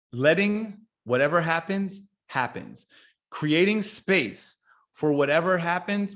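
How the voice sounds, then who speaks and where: A man talking casually as a podcast guest, blunt and swearing freely, rambling with restarts and building into lively everyday examples. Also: on the high side. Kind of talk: casual conversation.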